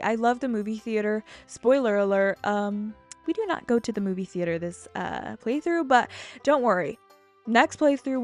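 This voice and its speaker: A young woman in her twenties commentating casually over her gameplay, rambling from topic to topic, getting excited and swearing freely. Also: mid-range voice. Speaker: gaming YouTuber. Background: faint game music.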